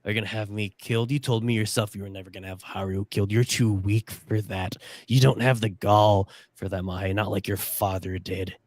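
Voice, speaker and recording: A defiant villain, as a man puts him on, confessing with slow, taunting contempt. The voice sits a little low, and the recording is dry and close. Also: fairly even intonation, darkish tone, dry recording, close to an everyday voice. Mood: scornful.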